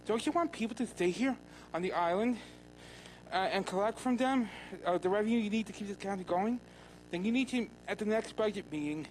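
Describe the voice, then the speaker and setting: A citizen giving an earnest, plain public comment to a county legislature, a little halting at times. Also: mid-range voice, slight background noise, low-quality recording. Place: county legislature hearing room.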